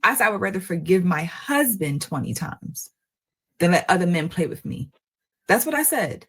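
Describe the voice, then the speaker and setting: Husky woman lecturing viewers. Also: on the low side, sing-song, normal speed. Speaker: relationship commentator. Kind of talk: responding to comments.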